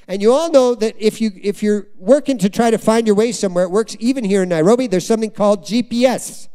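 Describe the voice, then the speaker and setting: A man's voice: high voice, quick pace, smooth. A middle-aged man preaching a sermon in a church, telling stories and often asking the congregation questions. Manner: animated, asks the congregation questions. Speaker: guest preacher. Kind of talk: sermon with storytelling.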